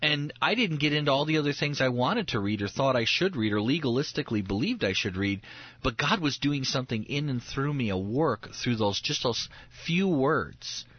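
A man's voice: mid-range voice, moderate pace, no echo, lo-fi sound. A man in his thirties, a pastor, talking earnestly on a radio show and acting out quotes as he tells his stories. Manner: earnest, animated storytelling with acted-out quotes. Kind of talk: radio talk show guest.

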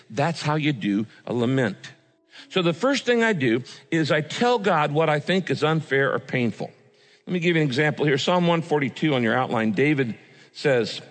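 A male pastor preaching a sermon, swinging from loud pleading prayers to hushed, earnest asides. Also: a little high. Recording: music under the voice, long hall reverb.

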